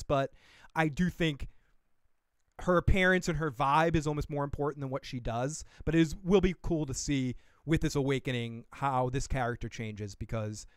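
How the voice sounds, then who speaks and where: A fairly high-pitched, smooth-voiced man reviews a trailer on his casual podcast livestream, rambling and swearing freely with laughs and bits of self-talk. The studio-quality recording has no room sound.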